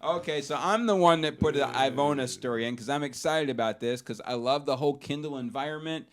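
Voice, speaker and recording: A man's voice: fairly high pitch, fairly quick, crowd noise. Easygoing male talk-show co-host. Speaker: co-host presenting stories. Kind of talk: casual studio talk show.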